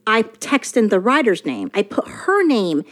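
A woman casually telling a story from her working life, animated and profane, often restarting her sentences. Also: medium pitch, normal speed.

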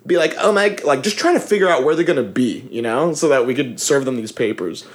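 A young man hosting a casual chat, telling an animated story with lots of laughter and swearing. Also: mid-range voice, brisk. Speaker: podcast host.

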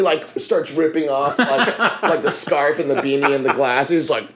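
A young man hosting a casual chat, telling an animated story with lots of laughter and swearing. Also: fairly high pitch, fairly quick, few pauses. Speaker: podcast host.

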